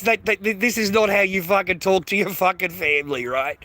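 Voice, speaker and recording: Aussie bloke in his 50s venting, high voice, stammers and swears a lot, recorded outside by a noisy road. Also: steady tone, fairly quick, few pauses, sharp tone. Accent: Australian. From Australia. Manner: aggrieved, swearing constantly, stammering restarts. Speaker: vlogger. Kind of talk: profane ranting monologue. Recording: noisy outdoor street recording.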